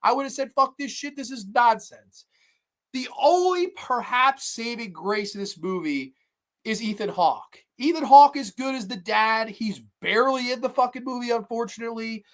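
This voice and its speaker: A woman's voice: fairly high pitch, animated, moderate pace. Profane ranting woman reviewing movies. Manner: profane, blunt, exasperated. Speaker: movie review podcast host.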